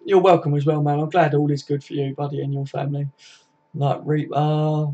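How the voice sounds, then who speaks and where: A man's voice: on the high side, little pitch movement, brisk, mellow. Chatty laddish man, lo-fi stream. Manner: chatty, laddish, swears freely, says "mate" a lot. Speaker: live stream host. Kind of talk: casual live stream chat reading viewer comments.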